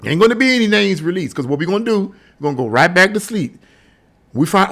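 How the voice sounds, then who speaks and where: High-voiced, scoffing male commentator. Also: sing-song, quick pace, a bit bright. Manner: emphatic, scoffing, full of rhetorical questions. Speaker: political commentator. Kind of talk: casual opinion vlog.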